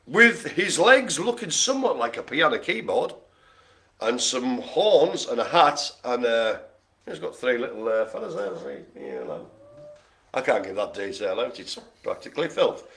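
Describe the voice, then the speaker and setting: A man's voice: medium pitch, sing-song, normal speed, a bit bright. A man hosting a live bingo game, chatty and jokey, full of playful asides. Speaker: bingo host. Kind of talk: live-streamed bingo calling.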